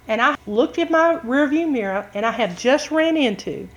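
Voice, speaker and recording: A woman preaching a sermon, telling a story with lively drama and acted-out shouts. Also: high voice, moderate pace.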